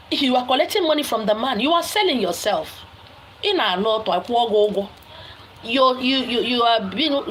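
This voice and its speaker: A woman's voice: a little high, fairly bright tone, slight background noise, poor audio. A woman giving relationship advice in a scolding, emphatic lecture full of rhetorical questions. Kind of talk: preachy lecture to listeners.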